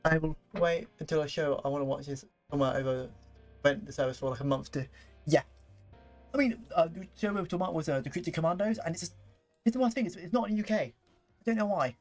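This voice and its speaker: A young man casually commenting while playing a game on stream, rambling and excitable, with lots of fillers and restarts. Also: fairly high pitch, quick pace, faint music behind.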